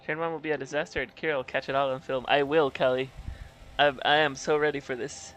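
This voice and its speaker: A man's voice: medium pitch, little pitch movement, fast, a bit bright, slight background noise. A man doing casual live commentary on a virtual race, joking around and laughing often. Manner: laughs often, playful, puts on accents as jokes.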